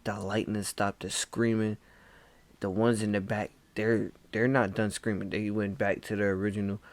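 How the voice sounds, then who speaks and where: A young man casually telling a spooky dream story, acting out lines with sudden whispers and shouts and calling the listener "bro". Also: lowish voice, flat delivery. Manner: slow, dramatic, acts out quoted lines with whispers and shouts.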